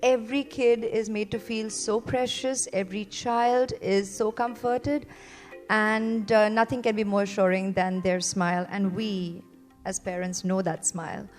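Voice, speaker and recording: A woman in her forties from India, a parent giving a heartfelt testimonial speech to a seated audience, earnest and gentle, with many fillers and repeated phrases. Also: mid-range voice, little pitch movement, unhurried, soft background music. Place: event venue before a seated audience.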